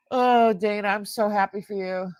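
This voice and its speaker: An older woman hosting a live jewelry sale stream, chatting casually and warmly with her viewers. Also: medium pitch, dry recording. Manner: chatty and warm-hearted, easily moved.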